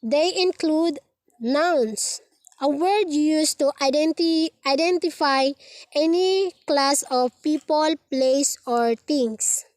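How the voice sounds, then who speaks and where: A woman's voice: high-pitched, darkish tone, dry recording. A woman with a Filipino accent teaching a recorded lesson, reading out word lists carefully, one word at a time. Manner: slow, careful, reads words one by one.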